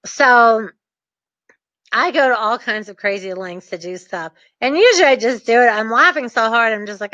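A woman telling a casual story to camera in an animated, laughing, mischievous way. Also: on the high side, moderate pace, no echo, lo-fi sound. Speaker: real estate dealmaker.

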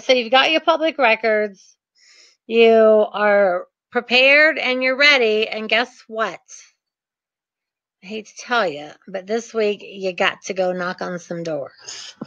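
A woman coaching new real estate investors, chatty and quick to rant, with sarcastic asides. Her voice sits a little high. The recording is dry and dull, with a lo-fi sound. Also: a bit bright, no room sound. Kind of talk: energetic coaching talk.

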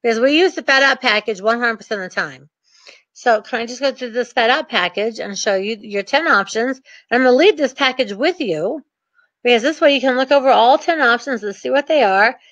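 A woman coaching new real estate investors, chatty and quick to rant, with sarcastic asides. Her voice sits a little high. The recording is dry and dull, with a lo-fi sound. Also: fairly bright tone, no echo. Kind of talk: energetic coaching talk.

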